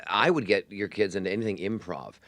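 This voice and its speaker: Fast-talking man with a low voice. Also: creaky, fairly bright tone, no echo. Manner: chatty, joking, rapid. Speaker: guest magician and producer. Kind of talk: casual chat.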